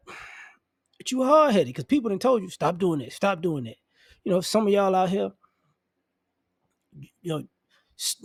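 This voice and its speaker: A man delivering a blunt, profane, mocking rant in a casual monologue, now and then mimicking the people he mocks in high voices. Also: a little mellow, dry recording, clean studio sound. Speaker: commentary vlogger.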